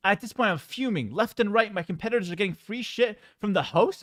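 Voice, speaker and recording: A man with a high, very lively voice spins a story for his stream, joking and playing up his outrage. The sound is dry and close. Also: fairly quick, dry recording. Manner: animated, joking, exaggerated mock outrage.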